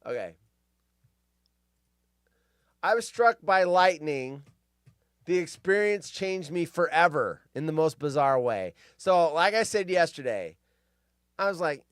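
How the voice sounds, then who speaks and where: Animated, crude-talking male streamer. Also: fairly high pitch, measured pace, clear, resonant tone, no room sound, clean studio sound. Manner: crude, rambling asides with frequent swearing; animated, jumps between loud outbursts and mutters. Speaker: live-stream host. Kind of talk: casual live-stream commentary reading news stories.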